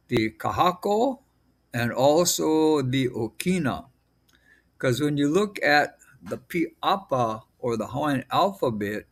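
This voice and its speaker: A man teaching a language lesson, patiently sounding out syllables one by one. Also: mid-range voice. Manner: drills sounds one by one, deliberate. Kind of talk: slow patient pronunciation lesson.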